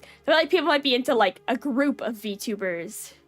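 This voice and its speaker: Giggly young woman streamer, bright-pitched. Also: lively intonation, normal speed, faint music behind. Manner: rambling, filler-heavy, giggly. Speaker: VTuber streamer. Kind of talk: casual live-stream chat.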